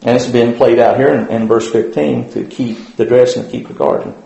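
A man's voice: mid-range voice, steady tone, moderate pace, gravelly, mellow, muffled recording. A man giving an informal Bible lesson at church in a folksy, rambling way, with many fillers and restarts. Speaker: Bible study teacher. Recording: very echoey room.

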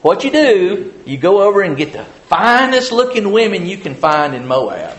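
A man's voice: high-pitched, very animated, moderate pace, pitched above the performer's own voice, low-quality recording. A man doing a scheming greedy prophet.

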